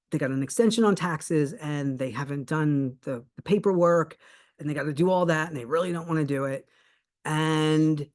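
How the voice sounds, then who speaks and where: Earnest, emphatic manifestation coach. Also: mid-range voice. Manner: earnest and emphatic, slowing right down on key points; animated storyteller, acts out both sides of conversations. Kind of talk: motivational talk with a personal story.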